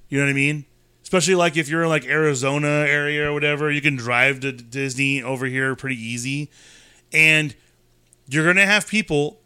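Casual podcast co-host, male, bright clear tone, dry close sound, rambling storyteller. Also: mid-range voice, dry recording. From California, USA. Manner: rambling storyteller, animated asides. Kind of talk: casual chat.

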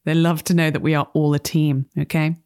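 A woman's voice: deep voice, flat delivery, a little fast, darkish tone, clean tone. Woman doing a smarmy studio boss. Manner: salesy, keeps tacking on "okay?". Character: pushy male studio executive, smarmy corporate boss. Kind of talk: tabletop role-play character voice.

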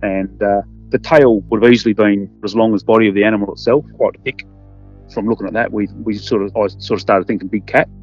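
A man's voice: lowish voice, fairly even intonation, a little fast, a little mellow, breathy edge. A man recounting what he saw in an interview, hesitant, with many fillers. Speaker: interviewee, eyewitness. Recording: dull lo-fi sound, faint music.

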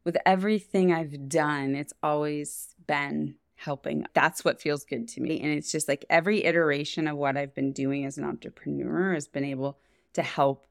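Earnest woman with a low fried voice. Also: steady tone, moderate pace, vocal fry, no echo, clean studio sound. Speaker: podcast co-host, entrepreneur. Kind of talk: casual chat.

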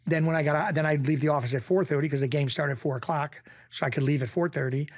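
A middle-aged man from Springfield, Massachusetts, telling stories as a podcast guest in a rambling, animated way with frequent restarts. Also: fairly high pitch, fast, no echo, studio quality. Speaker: podcast guest, former mob bookie. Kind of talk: casual storytelling interview.

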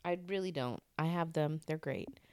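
A woman's voice: deep voice, normal speed, smooth, no echo. A woman co-hosting a casual podcast, blunt and profane with a dry humor. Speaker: podcast co-host.

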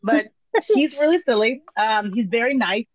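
A fairly high-voiced woman tells stories as an interview guest, animated and often laughing, swearing freely and acting out what people said. The sound is dry and a little dull. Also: moderate pace, dry recording. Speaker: guest, former cooking show contestant. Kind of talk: casual storytelling interview.

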